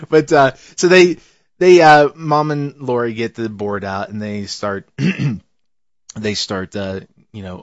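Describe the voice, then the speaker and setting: A man's voice: medium pitch, steady tone, slow pace, dry recording, highs cut off. A man in a casual chat, telling a long family story with frequent laughter and fillers. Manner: rambling, laughing, with many fillers. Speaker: podcast co-host telling a story.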